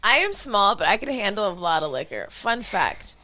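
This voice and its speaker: A woman in her thirties co-hosting a casual podcast, explaining herself quickly and emphatically. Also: medium pitch, very animated, sharp tone, no echo. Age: 30s. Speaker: podcast co-host. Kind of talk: casual chat.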